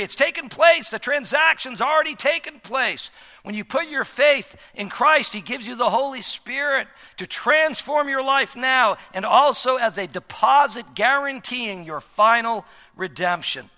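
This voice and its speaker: A man preaching a sermon as pastor, emphatic, with wide swings between loud declarations and quiet, dropped phrases. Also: high-pitched. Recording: long hall reverb.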